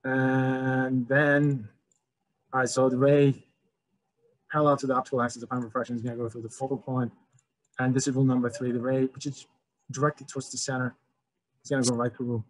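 A man's voice: medium pitch, flat delivery, a little fast, long pauses, no echo, rough recording. Man lecturing loosely in a dry room. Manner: loose, conversational, many "all right" restarts. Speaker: physics teacher. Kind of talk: casual lecture over slides.

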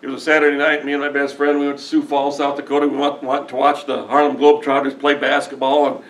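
A man's voice: mid-range voice, flat delivery, fast talker, fairly bright tone. Middle-aged male pastor, earnest emotional folksy sermon delivery, mid-range voice, miked from a distance. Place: church sanctuary.

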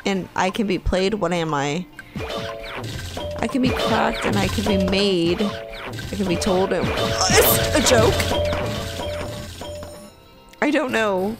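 A woman giving casual gameplay commentary, excitable, gasping and shrieking at scares and laughing often, and reading riddles aloud slowly. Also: mid-range voice. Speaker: gaming video creator. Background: game music.

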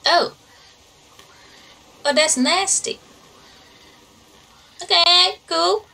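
A female gamer narrates her play with excitable yelps, curses at the game, and reads signs out loud. Her very high voice is extremely slow with vocal fry, and she sits far from the mic in a rough recording.

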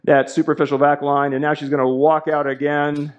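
A man's voice: on the high side, flat delivery, fairly quick, highs cut off. A man coaching an exercise demonstration as a fitness instructor, playful and jokey as he talks the model through each move.

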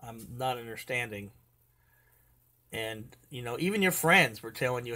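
A man's voice: mid-range voice, unhurried, bright, forceful tone. A man hosts a reaction video with casual commentary, blunt and profane, speaking straight to viewers.

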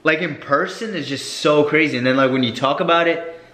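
A man's voice: a little high, fairly quick, bright, forceful tone. A young man, friend of the host, talking bluntly and with frustration in a casual vlog, swearing a lot. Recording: echoey room.

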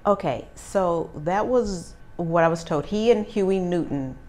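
A middle-aged woman from Oakland, an interview guest, telling stories in a lively, animated way, acting out quoted dialogue and laughing often. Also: lowish voice, measured pace. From Oakland, California. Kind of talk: casual storytelling interview.

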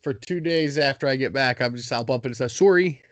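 A man's voice: mid-range voice, quick pace, fairly bright tone, dry recording. A man co-hosting a podcast over a video call, making dry wisecracks in casual chat. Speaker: podcast co-host.

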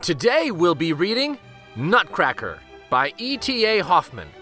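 A man hosting a children's read-aloud channel, reading a picture book in an expressive, lively storytelling way. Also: high-pitched, measured pace, soft background music.

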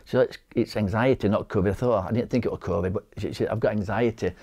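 A middle-aged man with a Yorkshire accent speaks in a low, dark voice. He tells his story haltingly, stumbling over and repeating words, and acts out the conversations he recounts. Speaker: interviewee, bereaved husband. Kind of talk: personal testimony.

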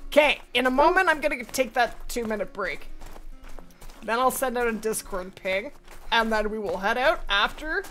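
Excitable woman streamer, lively pitch. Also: a little slow, soft background music. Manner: excitable, chatty, talks to her chat and the game. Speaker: livestream host. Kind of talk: live gaming stream chat.

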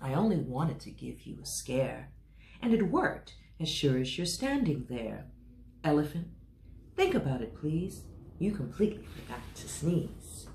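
A woman voicing a cheeky little male mouse with a teasing, high voice in a children's storybook reading. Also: sing-song, a little slow, a little mellow, reverberant, a little hiss or hum, full character voice.

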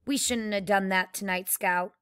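Lady reading out a stubborn serious older brother, bright crisp voice, plain reading. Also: medium pitch, steady tone, moderate pace, close to an everyday voice. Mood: determined. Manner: plain read-aloud dialogue.

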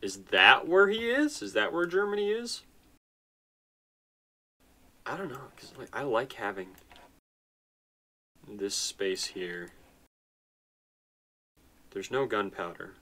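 Speaking slowly with frequent pauses, a gaming channel host uses a medium-pitched voice that's very animated, pushed and bright. Despite that, he's tired and yawning, chatting nonchalantly to himself as he plays a strategy game in a let's-play.

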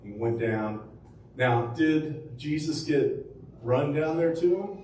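A man's voice: fairly high pitch, slow, a little mellow, a little hiss or hum. A man preaching as pastor, telling the story conversationally with rhetorical questions and fillers. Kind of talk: sermon. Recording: echoey room from far off with faint ambience.

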